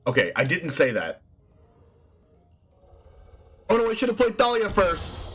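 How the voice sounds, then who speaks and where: A man streaming a card game, reacting loudly with shouts and laughter to his plays. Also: sits high, wildly swooping pitch, unhurried, pauses often, slight background noise. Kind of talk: excitable gameplay commentary.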